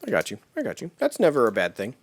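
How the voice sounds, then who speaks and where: A man co-hosting a casual gaming podcast, laid-back and quick to laugh, swearing casually and often answering with short agreements. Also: medium pitch, wildly swooping pitch. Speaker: podcast co-host. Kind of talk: casual chat.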